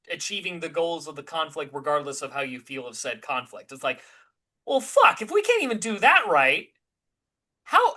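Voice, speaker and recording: A man's voice: high-pitched, bright, forceful tone. A man from California co-hosting a casual podcast, laid-back, laughing a lot and swearing. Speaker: podcast co-host. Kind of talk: casual political podcast chat.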